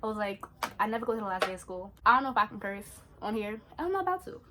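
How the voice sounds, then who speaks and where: A young woman, chatting in an animated, slangy way as she tells a story during her skincare routine. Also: medium pitch, racing, noisy background. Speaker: beauty vlogger.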